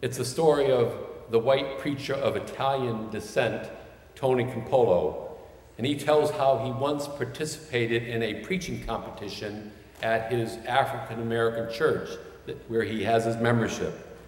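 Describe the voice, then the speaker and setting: A male pastor delivering a sermon at a medium pitch, unhurried and measured, then swelling into forceful, repeated refrains. His voice rings through a large sanctuary with a long, roomy reverb. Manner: measured, building to shouted refrains.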